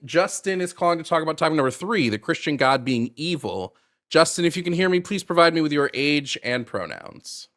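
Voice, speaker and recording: A man's voice: on the high side, expressive, fairly quick, fairly bright tone. Male host, casual live-stream patter, easygoing with fillers. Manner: loose and chatty, lots of ums and restarts. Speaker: host of a call-in debate stream.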